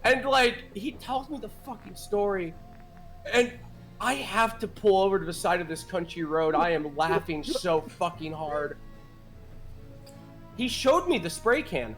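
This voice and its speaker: A man in his thirties telling a story in casual chat, animated and swearing, laughing often. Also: high voice, a little slow, soft background music. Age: 30s. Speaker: game master and streamer. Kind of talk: casual chat between players.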